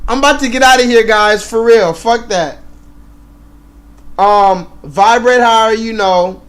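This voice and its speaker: A man's voice: high voice, measured pace, a bit bright, smooth. A man hosting a live stream, ranting and swearing in loose commentary, repeating himself and laughing often.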